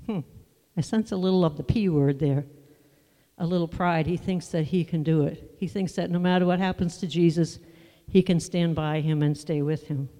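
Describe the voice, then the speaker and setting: A preacher giving a sermon, teaching from the Bible in a conversational, unhurried way with asides to the listeners. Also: medium pitch, fairly even intonation, dark tone, in a large hall.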